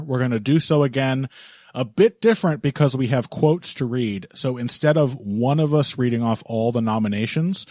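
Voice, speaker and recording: A man's voice: mid-range voice, darkish tone, dry recording, clean studio sound. A man hosting a podcast in casual chat, laughing often and rambling with restarts. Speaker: podcast host.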